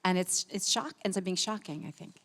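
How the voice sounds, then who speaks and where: A woman's voice: fairly low pitch, brisk, a bit bright. A woman, an actress at a press conference, speaking thoughtfully and articulately. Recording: reverberant press hall.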